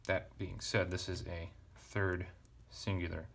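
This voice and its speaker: A man teaching ancient Greek grammar at a relaxed pace, thinking aloud and correcting himself with casual asides. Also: low-pitched, unhurried, vocal fry. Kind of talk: relaxed verse-by-verse parsing lesson.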